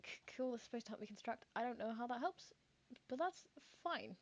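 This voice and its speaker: A woman talks through a game stream, her voice sitting a little high. She rambles and thinks out loud, full of fillers and quick asides, in easy casual commentary. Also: expressive, highs cut off. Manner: chatty, rambling, thinks aloud with many fillers.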